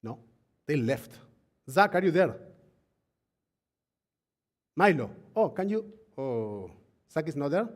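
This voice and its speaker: A man leading a Shabbat service who preaches in a chatty way, laughing often, asking the congregation and crew for attention, and reading scripture slowly. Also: a little high, very animated. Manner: reads scripture slowly and deliberately. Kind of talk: live-streamed sermon and Torah teaching.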